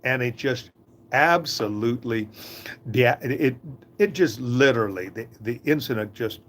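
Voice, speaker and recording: An older man from Canada telling warm family anecdotes in a casual, chuckling monologue. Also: medium pitch, normal speed, a little hiss or hum. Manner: chuckling, folksy, lively storyteller. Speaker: host of a short inspirational talk.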